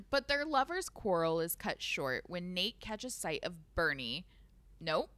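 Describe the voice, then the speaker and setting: A woman's voice: on the low side, sing-song, slow pace, fairly bright tone, no room sound. A woman co-hosting a casual podcast, recapping a book with playful asides, cursing and frequent laughter. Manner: playful, swears, laughs often. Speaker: podcast co-host.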